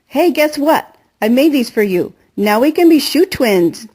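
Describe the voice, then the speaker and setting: Brief: woman voicing a bright, chatty, teasing girl with a higher, lively voice. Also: breathy edge, full character voice. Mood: playful. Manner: fast bubbly chatter, teasing. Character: chatty playful girl, confident best friend. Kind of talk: audiobook character voice.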